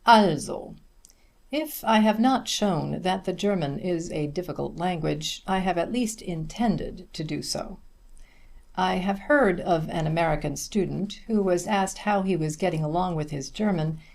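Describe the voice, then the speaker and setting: A man reading a humorous essay aloud as an audiobook narrator, with a measured, dry delivery. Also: high-pitched, gravelly.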